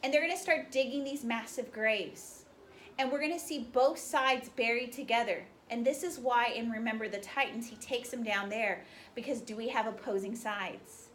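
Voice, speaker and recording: A woman leads a history lecture, reading a speech aloud and quizzing her students rapidly; her voice sits on the high side with a fairly bright tone and a moderate pace. Slight noise accompanies this distant classroom recording.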